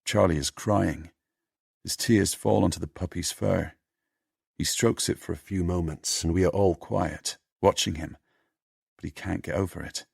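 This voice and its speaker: A man narrating an audiobook in a steady, measured storytelling manner. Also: low-pitched, vocal fry, breathy edge, dry recording, clean studio sound.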